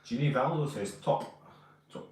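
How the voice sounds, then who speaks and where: A man's voice: mid-range voice, normal speed, darkish tone, very echoey, far from the mic. A Scottish man co-hosting a casual live stream, chatting and greeting viewers by name as he reads their comments. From Scotland.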